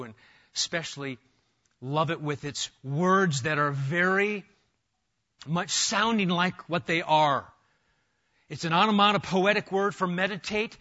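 A middle-aged man preaching an expository sermon, emphatic and animated, often restarting his phrases. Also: on the high side, lo-fi sound. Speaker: pastor.

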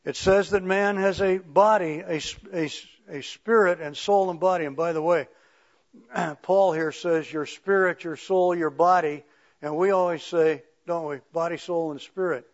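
A man preaching a conversational sermon, reading scripture slowly and with emphasis, then talking it over plainly with the congregation in a church. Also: a little high, steady tone, muffled recording. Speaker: pastor. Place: church sanctuary with pews.

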